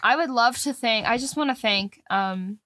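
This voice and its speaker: A woman's voice: on the high side, moderate pace, pushed and bright, dry recording, studio quality. A woman co-hosting a casual podcast chat, candid in tone and swearing casually. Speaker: podcast co-host.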